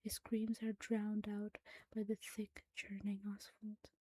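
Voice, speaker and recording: A woman's voice: mid-range voice, monotone, takes it slowly, dark tone, no room sound. A woman giving a dramatic reading of a horror story, often dropping to a whisper. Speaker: narrator.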